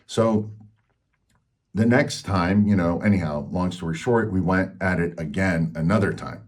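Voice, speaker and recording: A man's voice: low voice, measured pace. A man hosting a health channel, telling a personal story in a frank, rambling way with lots of fillers.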